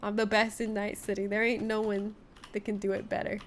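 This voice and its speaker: A woman's voice: medium pitch, level tone, a little fast, noisy background. A woman giving live gameplay commentary as a streamer, joking with her viewers in a playful, laughing way. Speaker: game streamer.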